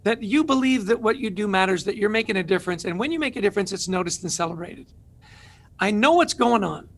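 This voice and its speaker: High, gravelly, bright-voiced man. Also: fast talker. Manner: energetic, animated storyteller. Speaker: guest author. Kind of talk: interview conversation.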